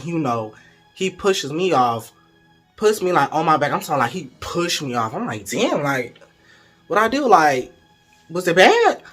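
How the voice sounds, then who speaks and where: A man's voice: on the high side, fairly bright tone, breathy edge. A young man in casual storytime mode, chatty and candid, talking straight to his viewers. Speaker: vlogger.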